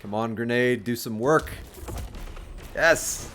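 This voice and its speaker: A man streaming a video game, chatting casually with lots of fillers and sudden excited outbursts. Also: medium pitch, slow pace, a little hiss or hum. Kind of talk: casual livestream commentary. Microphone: desk microphone.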